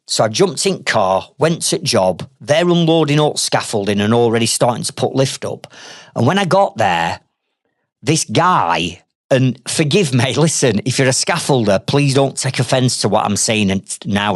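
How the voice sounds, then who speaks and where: Northern English man, lively storyteller, dry close sound; trades podcast host. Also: mid-range voice, no room sound. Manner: animated, conversational, blunt. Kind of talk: storytelling monologue.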